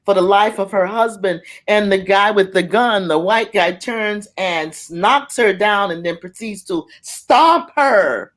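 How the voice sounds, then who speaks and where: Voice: medium pitch, measured pace, few pauses, fairly bright tone. A middle-aged arts facilitator speaking on a panel, telling personal stories with passion, acting out the voices they quote and often restarting words. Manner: impassioned, acts out quoted voices, frequent restarts. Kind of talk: panel talk, personal storytelling.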